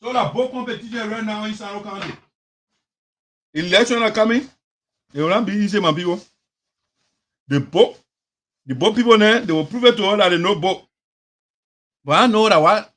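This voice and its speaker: A Liberian man hosting an opinionated commentary show. He talks in an animated way, mixes in phrases of his local language, and mimics the people he talks about. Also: high voice, normal speed, pauses often. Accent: Liberian English. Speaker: host.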